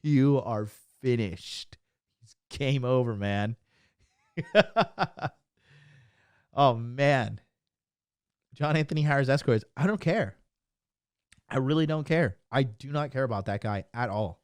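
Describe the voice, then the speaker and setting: A man's voice: mid-range voice, slow pace, long pauses, clean tone, no echo. A man coaching on dating, ranting on a livestream to his chat in a brash, boastful and mocking way, punctuating points with "okay?". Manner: emphatic, keeps asking "okay?".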